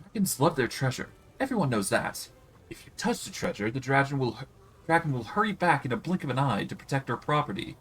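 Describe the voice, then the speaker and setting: A man's voice: medium pitch, very animated, brisk, a bit bright, a little hiss or hum, pitched above the performer's own voice, low-quality recording. A man voicing a vain, petulant female demon queen in a video game, whiny and clumsily flirtatious. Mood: smug. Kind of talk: reading game dialogue aloud on stream.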